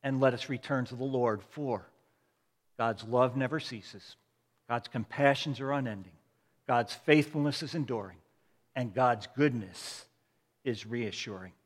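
A man's voice: mid-range voice, unhurried. A man preaching a sermon as a pastor, with repeated refrains and swells of emphasis. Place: church sanctuary. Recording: long reverb of a large hall.

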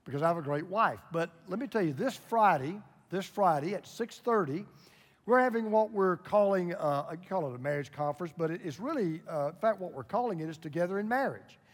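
An older male pastor in his sixties delivers a sermon in a folksy, storytelling way and jokes with his congregation. His voice sits high for a man. It rings out with the long reverb of a church sanctuary. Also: animated, brisk.

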